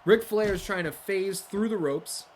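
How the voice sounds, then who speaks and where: Profane excitable man with a high voice. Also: unhurried, a crowd in the background. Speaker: let's play host. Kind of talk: gameplay commentary.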